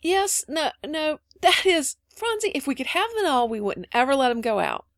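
A woman voicing a lively, warm-hearted eldest girl who talks in quick exclamations in a storybook reading. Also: high voice, dry recording, clean studio sound, voice pushed up. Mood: bustling.

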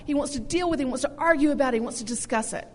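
A woman's voice: high voice, very fast, long reverb tail. A middle-aged woman co-hosting a casual parenting talk, explaining earnestly with playful asides. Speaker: co-host.

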